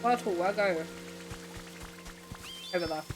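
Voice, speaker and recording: A woman's voice: lowish voice, takes it slowly. A woman streamer chatting casually and laughing while she plays a game, with game music behind her. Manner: chatty, giggly, reacts aloud. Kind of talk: casual gameplay commentary.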